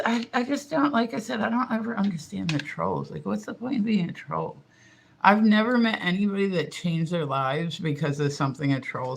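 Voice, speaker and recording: A man's voice: on the high side, gravelly. A man chatting casually to viewers on a phone livestream, rambling with lots of fillers.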